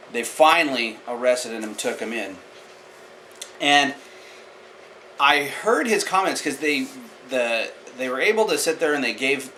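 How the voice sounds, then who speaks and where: Male martial-arts vlogger, bright forceful voice, blunt opinion talk with a faint hiss behind. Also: medium pitch, low-quality recording. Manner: blunt, opinionated, talks to the viewer directly. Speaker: martial arts channel host. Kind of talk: casual opinion commentary.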